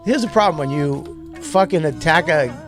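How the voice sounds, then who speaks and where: A man's voice: medium pitch, normal speed, soft background music. A man co-hosting a podcast, telling stories in casual banter and acting out what people said. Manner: animated storyteller who acts out quotes. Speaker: podcast co-host.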